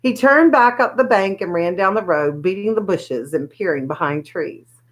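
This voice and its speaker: Woman storyteller, expressive read-aloud of a children's book, mid-pitched. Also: normal speed, poor audio. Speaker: storybook reader.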